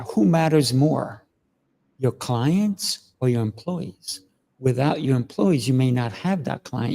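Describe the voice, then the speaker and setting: Gravelly-voiced male host telling a story. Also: medium pitch. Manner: animated storytelling with acted quotes. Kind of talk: casual interview talk.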